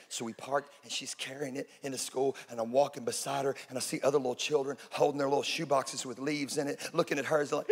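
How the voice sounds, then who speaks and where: Texan man, forties, pastor; husky tone, storytelling sermon, long hall reverb. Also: medium pitch, fairly even intonation, fast talker, hardly any pauses. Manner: storytelling, rises to loud preaching peaks. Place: church auditorium. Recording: large room with long reverb.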